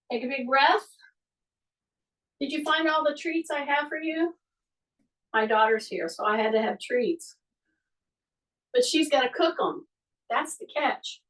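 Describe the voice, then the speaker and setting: A middle-aged woman with a high voice and an unhurried pace leads an exercise class, chatting and repeating her cues. She is recorded in a home exercise room, a little away from the mic. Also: a bit bright, recorded from a distance, low-quality recording. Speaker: fitness instructor. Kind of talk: live exercise class instruction.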